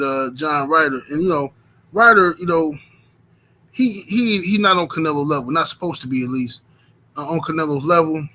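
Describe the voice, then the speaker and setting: Bright, upbeat man hosting a live stream. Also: on the high side. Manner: hypes the chat, shouts out viewers by name; relaxed with many fillers. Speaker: host of a boxing talk stream. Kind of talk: casual live-stream chat.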